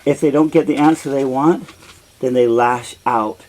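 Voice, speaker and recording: A middle-aged man teaching and explaining a play, deliberate and explanatory. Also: mid-range voice, darkish tone, low-quality recording. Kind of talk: slow reflective commentary.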